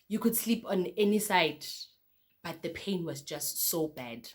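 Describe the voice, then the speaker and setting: Chatty South African woman, lowish voice. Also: expressive, unhurried. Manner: chatty, addresses viewers as guys, repeats "okay, cool" between beats. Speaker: vlogger. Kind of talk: casual storytelling to camera.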